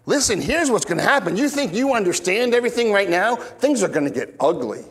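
A man's voice: a little fast, long reverb tail. A man preaching a conversational expository sermon, who acts out quoted lines in bigger voices and often restarts his sentences. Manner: animated, acts out quoted lines with big pitch jumps. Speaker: pastor.

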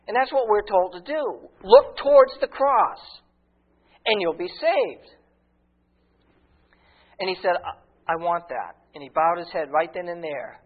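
A man preaching a sermon with fervor, retelling a conversation and quoting scripture at length. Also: sits high. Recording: tinny phone-like radio broadcast.

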